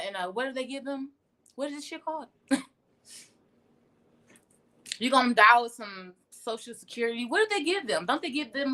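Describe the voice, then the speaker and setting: A woman's voice: on the high side, fairly bright tone. A young woman giving a casual tarot reading on a livestream, blunt and profane as she talks. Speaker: tarot reader. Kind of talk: casual spiritual livestream talk.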